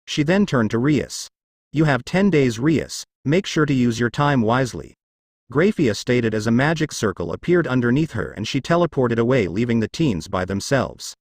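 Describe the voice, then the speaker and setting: Man reading a fan story, lively pitch. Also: moderate pace, no echo, studio quality. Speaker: fanfiction reader.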